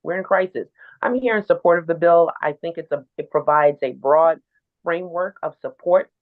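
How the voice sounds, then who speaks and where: Deep-voiced woman testifying over a phone line. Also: moderate pace. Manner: formal, emphatic. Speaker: neighborhood commissioner. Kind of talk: public hearing testimony.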